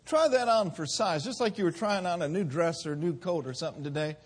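Husky guy preaching in church, call and response, draws out key words. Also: fairly high pitch, fast talker. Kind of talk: sermon.

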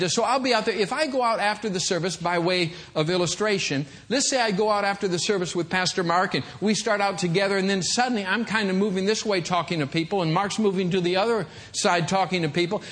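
High-voiced man preaching a sermon. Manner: animated, acts out little scenes. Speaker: guest preacher. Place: church.

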